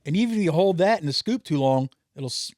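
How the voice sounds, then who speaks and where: A slightly high-voiced man chatting loosely on a podcast, swearing freely and slipping into mocking voices. His sound is close and dry, with no room around it. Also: lively intonation, fast, darkish tone, no echo. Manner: profane, laughing, mimics voices. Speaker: podcast co-host. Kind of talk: casual chat.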